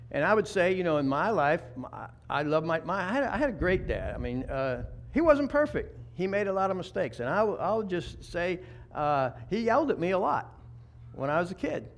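Conversational middle-aged male preacher. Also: on the high side. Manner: conversational, frequent restarts and repeated words. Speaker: pastor. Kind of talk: sermon.

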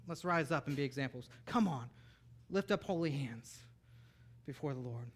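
A man in his thirties preaching a sermon as pastor, animated, swinging from soft asides to near-shouted bursts. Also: medium pitch, moderate pace.

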